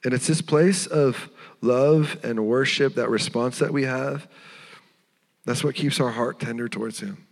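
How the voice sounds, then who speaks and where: A male pastor delivers an earnest, tender sermon in a mid-range voice. His words ring out with a long reverb from a church sanctuary, and now and then he drops to a hushed tone. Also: mid-range voice, a little slow, creaky. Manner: earnest, tender preaching with soft hushed moments.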